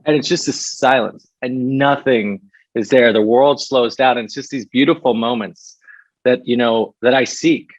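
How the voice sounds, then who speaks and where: A man's voice: medium pitch, fairly even intonation, normal speed, dry recording. A middle-aged man from New York, a coach talking reflectively as a podcast guest and often tagging "right?" onto his points. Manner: reflective, keeps adding "right?". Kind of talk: casual podcast interview. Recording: dull, dry podcast sound.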